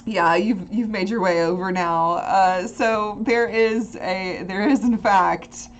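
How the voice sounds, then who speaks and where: A woman running a tabletop role-playing game, describing scenes in a laid-back, folksy way and laughing often. Her pitch sits in the middle, with faint noise behind her. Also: takes it slowly. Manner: relaxed, laughing, folksy, says y'all. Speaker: game master.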